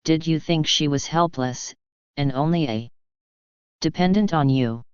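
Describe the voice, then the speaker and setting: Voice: mid-range voice, clear, resonant tone, no echo, natural voice. A narrator reading a blustering, scornful old uncle. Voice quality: slow, even reading. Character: blustering older man, hot-tempered uncle. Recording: slightly dull, dry recording.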